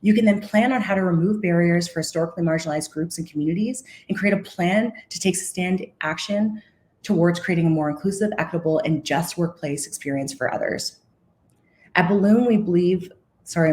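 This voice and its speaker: A woman's voice: lowish voice, a little mellow. A woman giving a conference keynote in an earnest, impassioned way, correcting herself now and then and close to tears at times. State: emotional, near tears. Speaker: keynote speaker.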